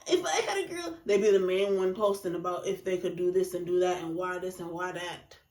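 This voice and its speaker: Speaking a little fast, a relationship commentator with a fairly low, darkish voice talks emphatically in a casual monologue on relationships. She performs reactions in quoted voices, and the sound is reverberant.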